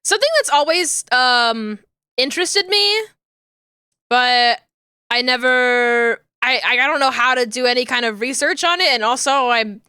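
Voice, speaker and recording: A woman's voice: high voice, a little slow, pushed and bright, smooth, no echo, clean studio sound. A woman streamer chatting casually with viewers, rambling along with lots of fillers and restarts.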